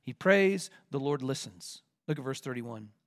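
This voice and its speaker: A man's voice: mid-range voice, expressive, measured pace. A man preaching an expository sermon verse by verse, talking in an earnest, emphatic way.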